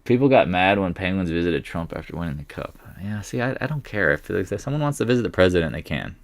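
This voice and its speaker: Low smooth-voiced male market streamer. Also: fast, no room sound. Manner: rambling, jumps to excited outbursts at price moves. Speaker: market commentary livestream host. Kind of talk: live market commentary, chatting with viewers.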